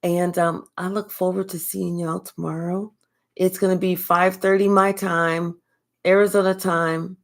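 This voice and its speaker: Slow-talking older woman reading live. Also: on the low side. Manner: slow, relaxed, affectionate, thanks viewers by name. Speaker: spiritual reader hosting a live stream. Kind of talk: casual live-stream chat.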